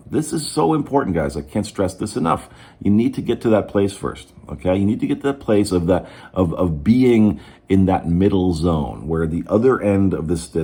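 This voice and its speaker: A man coaching viewers on manifestation in an advice monologue, animated, checking in with "okay?" and acting out the quotes. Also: husky. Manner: animated, acts out quoted texts in a higher voice; repeats "okay?" to check in with listeners.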